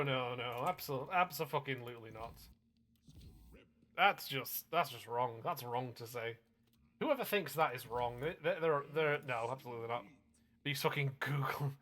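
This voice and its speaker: A man casually chatting while streaming a game, excitable, rambling and swearing freely. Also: medium pitch, moderate pace. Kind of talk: casual gaming stream chat.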